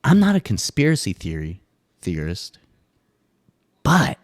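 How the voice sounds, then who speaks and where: A man hosting a casual solo podcast monologue, swearing freely and jumping into high mock voices now and then. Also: very animated, normal speed, darkish tone, no room sound, clean studio sound. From US East Coast. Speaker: podcast host.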